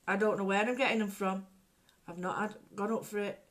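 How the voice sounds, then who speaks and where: A middle-aged woman talks through an art project in a loose, casual way. She is chatty and jokey and wanders off into stories. Her voice sits at an ordinary middle pitch for a woman. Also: fairly even intonation, brisk. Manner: chatty, digressive, jokey storyteller. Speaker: art workshop host.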